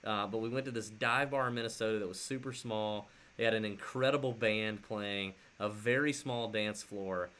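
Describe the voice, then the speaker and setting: A man co-hosting a casual sports podcast, telling animated stories with lots of fillers and restarts. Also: fairly low pitch. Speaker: podcast co-host.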